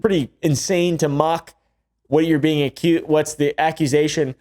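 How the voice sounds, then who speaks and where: A man's voice: a little high, steady tone, moderate pace, darkish tone, faint music behind. A man doing YouTube reaction commentary, ranting and swearing in an irritated way.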